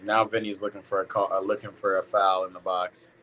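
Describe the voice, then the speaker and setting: A man's voice: low-pitched, level tone, a little fast, bright, forceful tone, slight background noise. A man hosting a live football watch party, chatting casually in slang and reading out comments from chat.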